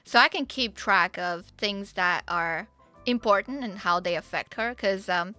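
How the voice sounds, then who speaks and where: A woman streamer chatting casually between roleplay scenes, frank and unhurried, swearing freely. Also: medium pitch, sharp tone, dry recording, faint music behind.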